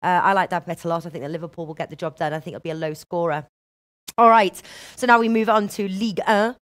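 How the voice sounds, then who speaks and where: A woman's voice: lowish voice, fast. Upbeat woman hosting a betting stream. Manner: upbeat, reads viewer comments aloud. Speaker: betting show host. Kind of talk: live-streamed betting tips chat.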